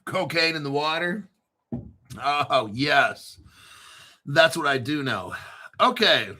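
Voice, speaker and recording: A man's voice: fairly high pitch, animated, takes it slowly, sharp tone. A middle-aged man hosting a crypto show, joking and swearing as he tells rambling stories. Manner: joking, profane, storytelling. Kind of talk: rambling casual monologue.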